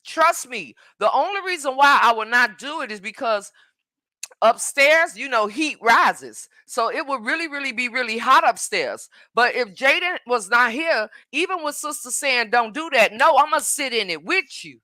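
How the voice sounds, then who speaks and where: A high-pitched woman with lively intonation and a sharp tone talks at a moderate pace, chatting emphatically to commenters on a phone livestream from home and repeating herself. The studio-quality recording has no room sound.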